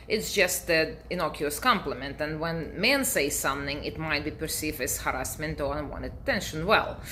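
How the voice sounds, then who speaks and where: A middle-aged woman, native Russian speaker, telling a story to her camera in a dry, deadpan way. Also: lowish voice, a little hiss or hum. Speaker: vlogger.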